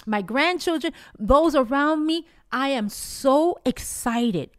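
An older woman with a fairly high voice gives fervent encouragement on her devotional podcast. She speaks in a preacherly, uplifting way, recorded in a dry, close room. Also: animated, takes it slowly, dry recording. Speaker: podcast host. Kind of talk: devotional podcast talk with prayer.

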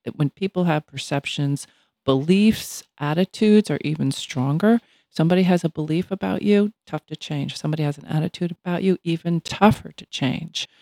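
A woman's voice: sits low, moderate pace, darkish tone, no room sound, clean studio sound. A woman in her sixties co-hosting a casual talk show, speaking reflectively and thoughtfully. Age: 60s. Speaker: podcast co-host. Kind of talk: casual chat.

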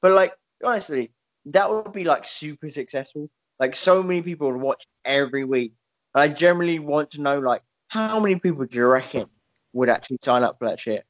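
A man's voice: a little high, animated, fairly quick. A man, co-hosting a podcast in casual chat, rambling and swearing with lots of fillers. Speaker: podcast co-host. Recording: dull lo-fi podcast mic.

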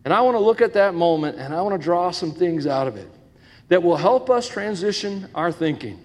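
High-voiced joking pastor in reverberant church. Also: male voice, lively intonation, brisk, a little mellow. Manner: joking, asks the congregation questions. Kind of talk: sermon. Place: church sanctuary with congregation. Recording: long echo of a church hall.

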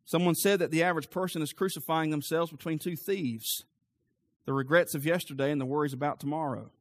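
A male pastor preaching a sermon with an emphatic, rising cadence, then leading a quieter prayer. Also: fairly high pitch, fairly quick, no echo.

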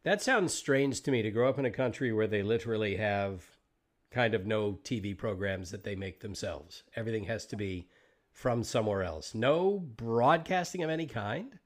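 An American man hosting a podcast, interviewing a guest in a relaxed, conversational way with the odd swear word. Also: fairly low pitch, normal speed. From United States. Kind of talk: casual interview chat.

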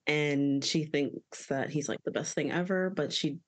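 A woman's voice: sits low, a little slow. Chatty woman guest in her thirties. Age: 30s. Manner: chatty, rambling, often says "like". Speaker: podcast guest. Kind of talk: casual podcast chat.

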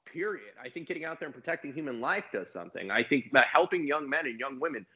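A man, a business coach and mentor, talking in a casual podcast conversation with an energetic, emphatic manner. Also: mid-range voice, quick pace, husky, dull audio.

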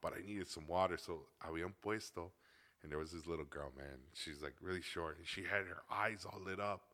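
Chicago mexican american guy, lowish bright voice, tells stories and acts out the people in them. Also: fairly quick. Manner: storytelling, switching between English and Spanish, acting out people in his stories. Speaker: podcast co-host. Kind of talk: casual chat.

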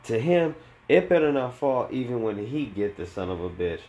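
A man hosting a podcast, telling rambling stories in a profane, animated, casual way. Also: mid-range voice, moderate pace. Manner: profane, animated, tangent-prone. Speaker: podcast host.

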